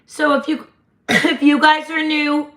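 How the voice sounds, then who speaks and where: A woman, hosting a casual livestream chat in a slightly hoarse voice and laughing often. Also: high-pitched, flat delivery, takes it slowly, a bit bright. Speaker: livestream host.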